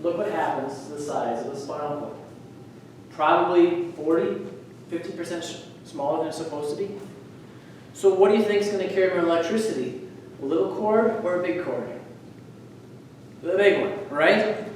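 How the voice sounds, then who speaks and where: A man, a chiropractor, giving an energetic presentation to an audience and quizzing them with questions. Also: a little high, moderate pace, long pauses, slight background noise. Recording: echoey room, voice from far off.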